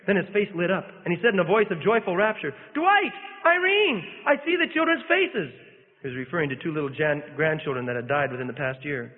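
A man's voice: a little high, quick pace, hardly any pauses, slight background noise. A man preaching a sermon, reading an account aloud with fervent, rising and falling emphasis. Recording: phone-like sound in a reverberant hall.

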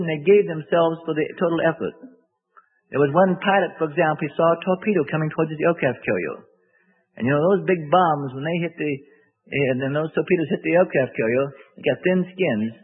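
Husky preacher on a tinny hall recording. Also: male voice, on the high side, fairly quick. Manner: digressive, loses his thread, acts out quotes with raised voice. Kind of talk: rambling sermon. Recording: tinny phone-like sermon recording in a reverberant hall.

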